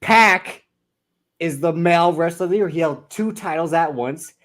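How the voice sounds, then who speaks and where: A man's voice: fairly high pitch, normal speed, fairly bright tone. A man co-hosting a podcast, giving opinionated, rambling takes on wrestling, with some swearing. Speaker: podcast co-host. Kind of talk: casual podcast chat.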